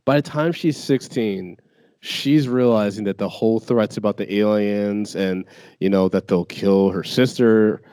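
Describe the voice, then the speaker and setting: A man in casual conversation, retelling a story in an animated, profane way. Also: on the low side, a little slow, no room sound, clean studio sound. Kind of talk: casual chat.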